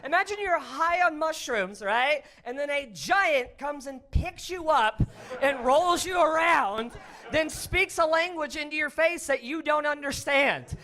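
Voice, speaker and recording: Animated stand-up guy, high bright voice. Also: unhurried. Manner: animated, yells in put-on voices. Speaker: stand-up comedian. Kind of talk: stand-up comedy set. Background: audience in a club.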